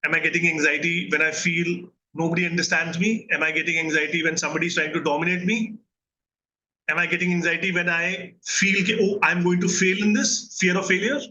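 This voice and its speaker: A therapist with an Indian English accent gives an earnest recorded mental health lesson, often asking his listeners questions and checking in. His voice is on the high side, brisk and sharp-toned with a flat delivery, and the recording is low quality.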